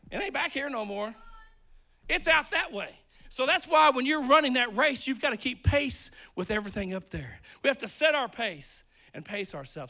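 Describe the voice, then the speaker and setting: Guy preaching, really high bright voice, gets loud then goes real quiet, kinda winded. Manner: energetic, swings from loud to hushed. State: out of breath. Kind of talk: sermon.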